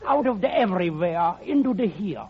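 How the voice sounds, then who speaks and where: A man's voice: high voice, sing-song, fairly quick. An actor playing a bumbling man posing as a German spy, giggling and wisecracking in a mock German accent in 1940s radio comedy. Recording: dull hissy old radio recording.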